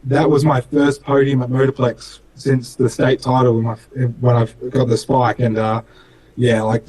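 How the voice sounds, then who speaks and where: A man's voice: mid-range voice, flat delivery, normal speed, a little mellow, rough recording. A young man with an Australian accent, telling racing stories in a casual interview in an earnest, rambling way, full of fillers. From Western Australia. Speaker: racing driver guest.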